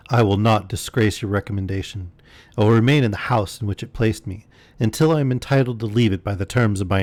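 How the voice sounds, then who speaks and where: A man's voice: fairly low pitch, darkish tone, dry recording, natural voice. A man reading aloud and voicing a proud young woman in distress, earnest and pleading. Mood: indignant.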